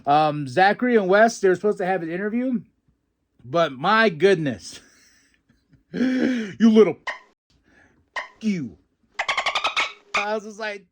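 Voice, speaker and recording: Animated man recapping wrestling episodes. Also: sits high, takes it slowly, pauses often. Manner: animated, acts out quotes in put-on voices, laughs often. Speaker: podcast host recapping wrestling. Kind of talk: casual recap chat.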